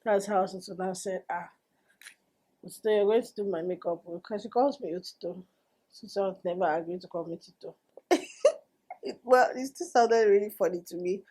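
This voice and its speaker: A young woman, a makeup artist telling a story in a casual vlog, animated and quick to exclaim. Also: mid-range voice, breathy edge. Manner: animated, exclaiming and laughing, acting out quoted dialogue.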